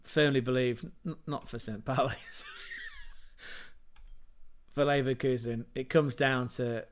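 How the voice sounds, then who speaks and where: A man's voice: medium pitch, steady tone, normal speed. A man hosting a casual football livestream, chatty and rambling, with self-mocking asides. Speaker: football podcast host.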